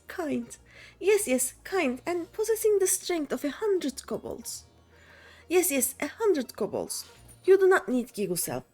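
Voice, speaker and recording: A frantic little male kobold from a fantasy game, high-pitched and fretful, as a woman reads him out. He stacks his words in nervous threes and begs for protection. Soft game music plays faintly behind.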